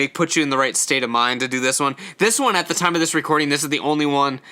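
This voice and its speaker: A man's voice: fairly high pitch, pushed and bright. A young man hosting a casual solo ranking show, talking in a chatty way with lots of fillers and stumbling over his words now and then. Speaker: host ranking episodes.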